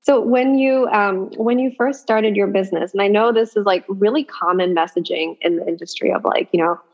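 A woman hosting a casual podcast interview, chatty and relaxed, asking her guest questions. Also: mid-range voice, brisk, lo-fi sound. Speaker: podcast host.

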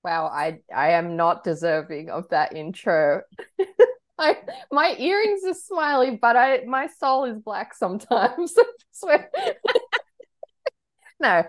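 A woman's voice: fairly high pitch, sing-song. A young woman co-hosting a podcast, chatting casually, laughing often and talking in bursts with lots of fillers. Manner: bubbly, laughs often, talks in quick bursts with many fillers. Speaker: podcast co-host. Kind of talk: casual chat.

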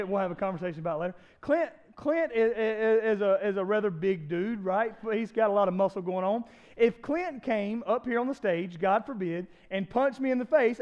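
A man's voice: high-pitched, highs cut off. A man preaching a sermon in church, talking conversationally and asking the congregation rhetorical questions. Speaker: pastor.

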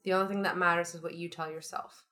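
A woman's voice: on the low side, level tone, quick pace, bright, forceful tone. A young woman co-hosting a podcast, talking in an upbeat, chatty, motivational way. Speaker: podcast co-host. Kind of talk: casual chat.

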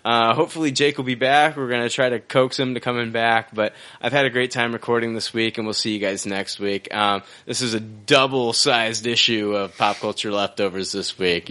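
A man's voice: lowish voice, bright, forceful tone. A man hosting a podcast, joking and laughing often as he wraps up the episode. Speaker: podcast host. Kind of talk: casual chat and sign-off.

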